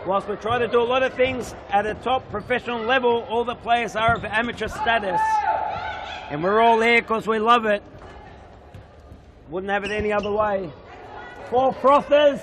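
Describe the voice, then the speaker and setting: A man's voice: high-pitched, moderate pace, long pauses. A man doing chatty, jokey live commentary on a futsal match in an indoor stadium. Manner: chatty, jokey, banters with the referee. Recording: crowd noise in a sports hall. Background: crowd noise.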